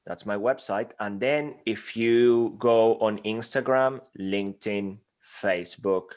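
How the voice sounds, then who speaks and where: A man's voice: lowish voice, takes it slowly, darkish tone. A man with a Spanish accent, a speaking coach talking energetically and emphatically as an interview guest. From Spain. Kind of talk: interview conversation.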